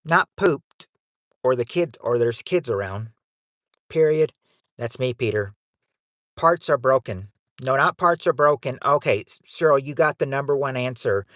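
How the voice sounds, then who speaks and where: A man's voice: medium pitch, animated, measured pace, a bit bright, no echo. A man hosting a livestream game night on his phone in a casual, rambling way, reading out viewers' names and answers.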